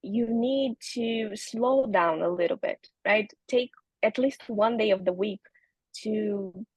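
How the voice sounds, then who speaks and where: Gentle woman giving advice. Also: medium pitch, slow pace, husky, no echo, poor audio. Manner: gentle advising, many fillers like "you know". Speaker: guest, holistic nutritionist. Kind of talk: interview, advice.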